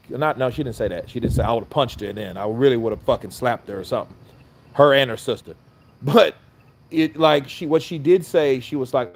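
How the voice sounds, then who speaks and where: A commentator with a brisk, mid-range male voice tells a personal story as a profane, rambling rant. He keeps restarting and quotes back-and-forth dialogue, with a little hiss or hum on the recording.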